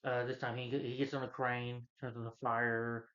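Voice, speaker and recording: A man's voice: mid-range voice, flat delivery, moderate pace, a bit bright, highs cut off. A man reviewing a film in a casual, rambling rant, retelling scenes loosely and filling gaps with lots of "you know" and "uh". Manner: loose, meandering retelling with many fillers.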